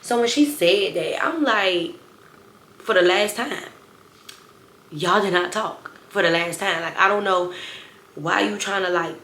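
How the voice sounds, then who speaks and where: A woman's voice: mid-range voice, measured pace, long pauses, a bit bright, echoey room, a little hiss or hum. A young woman telling a storytime to her phone camera in a blunt, heated, slangy way, talking straight to her viewers. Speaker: storytime vlogger. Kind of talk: casual storytime rant.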